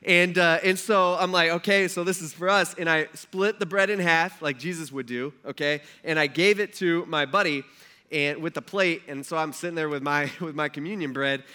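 A man preaching a sermon, telling stories from his own life in a conversational, animated way. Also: on the high side, normal speed, smooth. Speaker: pastor.

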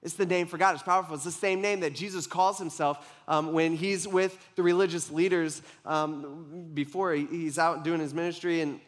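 A man's voice: a little high, fairly even intonation, moderate pace, hardly any pauses. A young adult man preaching a casual, conversational sermon, tossing in "like" and "right?" as he talks to a congregation.

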